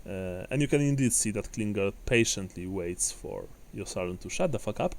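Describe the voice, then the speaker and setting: A man's voice: on the low side, animated, slight background noise. A man running a tabletop game as game master, narrating with frequent fillers and restarts. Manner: halting, many fillers and restarts.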